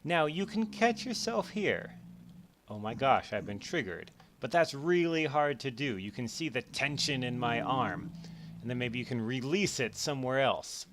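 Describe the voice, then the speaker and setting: A man explaining psychology in a casual, animated way over gameplay, acting out his own thoughts in quick bursts. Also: mid-range voice, slight background noise. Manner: animated, acts out his own inner voices. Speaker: educational YouTuber.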